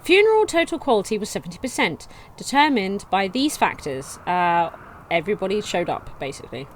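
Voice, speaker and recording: A woman casually commenting on her gameplay, reading game text aloud in a chatty way with sudden excited outbursts. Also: medium pitch, a little fast, slight background noise. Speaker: let's play gamer.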